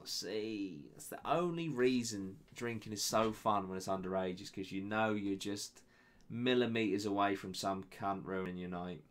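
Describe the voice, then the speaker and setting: A man's voice: on the low side, normal speed, a bit bright. Sarcastic young man reading emails. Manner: banter-heavy, sarcastic asides to the sender. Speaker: web show host reading listener emails. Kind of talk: casual swearing storytelling and email reading.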